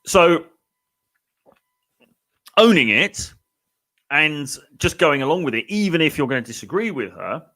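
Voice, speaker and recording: A man coaching on dating in a relaxed, chatty way, full of "you know" and "okay?" asides. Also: on the high side, unhurried, long pauses. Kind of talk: casual advice talk to camera.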